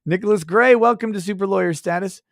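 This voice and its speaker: Reading out chat messages, a man hosting a live stream fires off profane mock rants at his chatters. He speaks quickly in a high-pitched, gravelly voice, and the studio sound is dry and clean.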